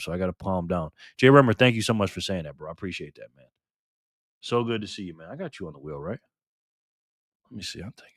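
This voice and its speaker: A man's voice: on the low side, no echo, studio quality. A man hosting a casual livestream, cheerfully greeting viewers by name one after another. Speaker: livestream host.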